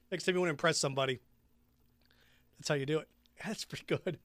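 A man's voice: a little high, fast talker, a bit bright, no room sound. A man hosting a podcast, chatting casually and jokingly while mixing a drink, humming along as he goes. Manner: jokey and rambling, hums and sings along. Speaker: podcast host.

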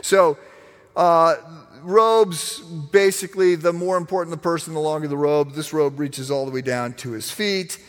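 A man preaching a sermon, teaching in an animated, emphatic way with frequent restarts. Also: on the high side, normal speed. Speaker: pastor. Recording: long hall reverb.

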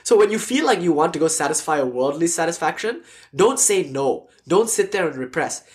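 A man giving a spiritual lecture in an animated storytelling way, sometimes dropping to a soft near-whisper. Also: fairly high pitch, brisk. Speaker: spiritual teacher.

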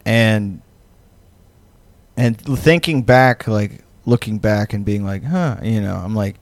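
A man's voice: on the low side, fairly even intonation, slow, no room sound. A man co-hosting a podcast in casual chat, rambling and profane with lots of fillers, laughing often. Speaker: podcast co-host.

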